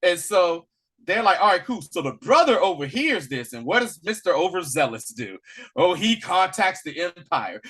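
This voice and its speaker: A man co-hosting a casual review chat, retelling a story with animated, slangy acted-out lines. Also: high voice, normal speed, husky. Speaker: podcast co-host reviewing a series.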